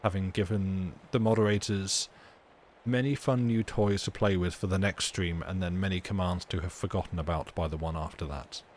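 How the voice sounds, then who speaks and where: A man's voice: sits low, steady tone, moderate pace, a little hiss or hum. A man hosting a live stream, chatting casually and teasing viewers in a dry, rambling way. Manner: dry, teasing banter with frequent restarts. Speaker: livestream host reading stories.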